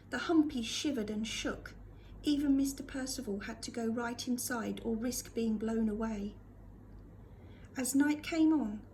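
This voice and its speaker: A woman reading a storybook aloud to a school class with expressive delivery. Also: high voice, a little hiss or hum.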